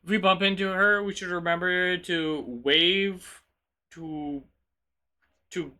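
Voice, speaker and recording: A high, bright-toned man streams a game and answers his chat with playful mock outrage. He talks slowly and stammers through repeated words as he protests. The delivery is loose and chatty. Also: fairly even intonation. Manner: stammering repetitions. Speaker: VTuber streamer. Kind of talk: live gaming stream chat.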